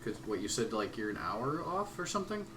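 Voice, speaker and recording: A man's voice: mid-range voice, big pitch swings, brisk, background noise. A young man co-hosting a game stream, laid-back and rambling, laughing easily as he chats. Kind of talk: casual chat during a game stream.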